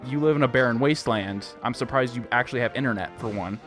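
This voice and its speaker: A man's voice: mid-range voice, fast talker, over music. A man from Idaho hosting a casual gaming podcast, joking and trash-talking with a laugh. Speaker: podcast host.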